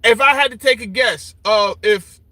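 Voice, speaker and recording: A man with a bright, high voice talks casually and mocks as he answers viewer comments. His delivery is animated and he keeps asking "you understand?". The sound is sharp and forward. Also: moderate pace, no echo. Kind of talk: casual opinion talk. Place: Brooklyn.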